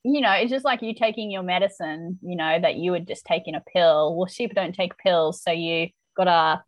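A woman's voice: fairly low pitch, normal speed, dry recording, muffled recording. A woman co-hosting a podcast, chatting casually through an episode recap with lots of "like" fillers. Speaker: podcast co-host.

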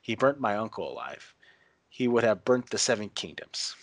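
A stubborn young king answers in short, plain lines, read by a man. His voice is fairly low and dry. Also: very animated, normal speed, no room sound. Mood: blunt. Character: young male northern king, blunt and stubborn.

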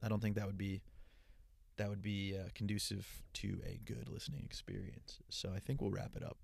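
Casting: young male solo podcaster, gravelly and low, dry close sound, loose rambling delivery. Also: flat delivery, a little fast, darkish tone, no echo. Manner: rambling, stream of consciousness. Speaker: podcast host. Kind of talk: casual solo podcast monologue. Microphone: portable travel mic.

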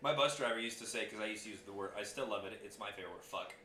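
A man co-hosting a casual podcast, telling stories loudly and swearing freely. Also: on the low side, rapid-fire, reverberant, a little hiss or hum. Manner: loud animated storytelling, swears freely. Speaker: podcast co-host. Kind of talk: casual chat.

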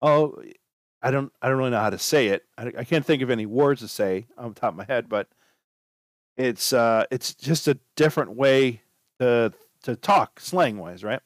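A man's voice: medium pitch, moderate pace, no room sound, studio quality. A man hosting a podcast, giving casual advice in a loose, rambling way, often restarting and repeating himself. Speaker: podcast host.

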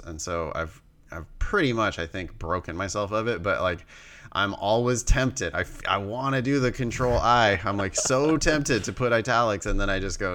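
A man's voice: fairly low pitch, moderate pace, a bit bright. A man co-hosting a casual chat, bluntly critiquing a piece of writing and swearing freely. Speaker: podcast co-host.

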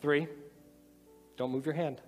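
A man preaches in a relaxed, chatty way, slipping into voices as he makes his points. His voice sits a bit high for a man. The sound carries a long hall reverb with faint music underneath. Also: slow pace. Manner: animated, conversational, acts out voices. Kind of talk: sermon with demonstration.

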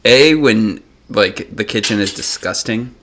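Man, co-host, blunt casual chat, swears freely, fairly low pitch. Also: a little slow, fairly bright tone. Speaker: podcast co-host.

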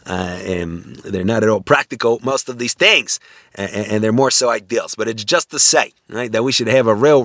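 A bright-voiced man lecturing on ethics. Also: medium pitch, dry recording, clean studio sound. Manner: conversational, many restarts, frequent "right?" tag questions.

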